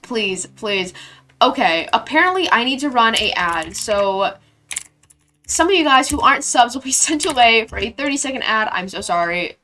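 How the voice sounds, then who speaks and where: Young woman streamer, casual game chat, bubbly and playful; slightly high, bright tone. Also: big pitch swings, normal speed, slight background noise. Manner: bubbly, gushing thanks to chat, playful slang. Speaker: live streamer.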